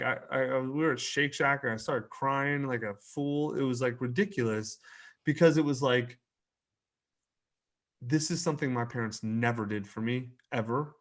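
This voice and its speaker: A man in his thirties, frank and earnest, swearing casually and restarting sentences while telling a personal story as a podcast guest. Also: mid-range voice. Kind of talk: candid conversational storytelling.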